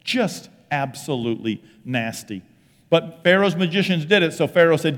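A man preaching a sermon as pastor, in a folksy, conversational way, acting out quick bits of paraphrased dialogue. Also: mid-range voice. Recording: long reverb of a large hall.

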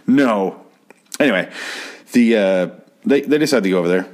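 A man's voice: lowish voice, expressive, fast. A man recapping a TV episode in a rambling, sarcastic way, swearing freely. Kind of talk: casual profane recap.

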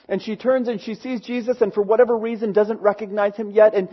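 A man's voice: high-pitched, flat delivery, brisk, hardly any pauses. A man preaching an earnest sermon, sometimes stumbling over his words, on a dull, lo-fi recording. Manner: earnest, with restarts when moved. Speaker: pastor.

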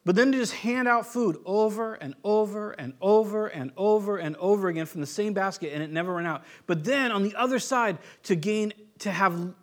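An American pastor preaches a sermon in a high voice at a moderate pace, with few pauses. He tells stories conversationally and often restarts his sentences.

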